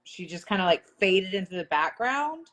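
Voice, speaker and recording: A woman's voice: mid-range voice, big pitch swings, normal speed, a bit bright. A young woman, a former reality show contestant, chatting casually on a livestream, rambling with lots of fillers and laughing often. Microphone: phone.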